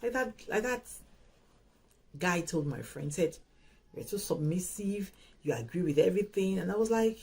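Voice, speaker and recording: Host, woman; husky, repeats points with emphasis. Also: on the low side, moderate pace, pauses often, rough recording. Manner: animated, emphatic, repeats phrases and restarts. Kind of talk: casual advice talk.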